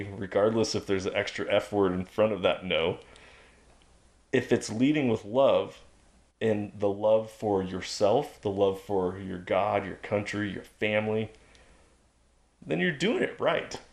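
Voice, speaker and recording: Man, low voice, emphatic, preachy, casual podcast guest. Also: darkish tone.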